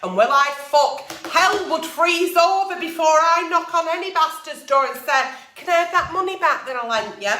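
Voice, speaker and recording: A woman's voice: high voice, expressive, moderate pace, bright, forceful tone, echoey room. A woman vlogger answering advice letters at her table, blunt and heavily profane, ranting in a fired-up way. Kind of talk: casual advice rant. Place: at a table at home. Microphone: camera mic.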